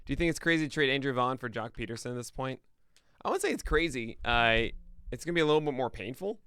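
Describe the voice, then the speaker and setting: Man, podcast host, american, casual and chatty, smooth clear voice, dry close mic. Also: medium pitch, expressive, fast talker, bright, forceful tone, no echo. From United States. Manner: chatty and self-deprecating, laughs at own jokes. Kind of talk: casual live-stream chat, then news rundown. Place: home studio, streaming live.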